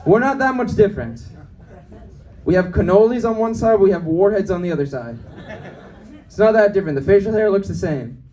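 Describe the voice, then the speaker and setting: A man's voice: sits high, lively intonation, fairly quick, pauses often, dark tone, distant mic, highs cut off. A young man doing a stand-up comedy set in a club. He talks in a brash way and jumps between voices to act out the people in his stories. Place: comedy club with live audience.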